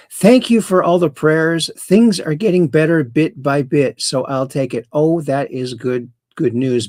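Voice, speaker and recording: A man's voice: medium pitch, darkish tone, no room sound. A middle-aged man hosting a livestream, rambling with dad jokes and reading out viewers' chat greetings. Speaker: host. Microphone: close camera mic.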